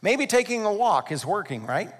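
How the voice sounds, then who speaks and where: A man preaching a sermon as pastor, animated, acting out voices and asking his listeners questions. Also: sits high, normal speed, in a large hall. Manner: animated, acts out voices, asks the audience questions.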